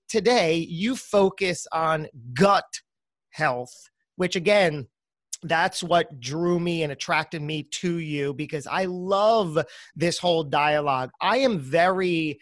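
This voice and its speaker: A man's voice: high-pitched, fairly bright tone, no echo. A man with a New Jersey accent hosting an interview podcast, chatty and enthusiastic. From United States. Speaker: podcast host. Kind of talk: casual interview chat.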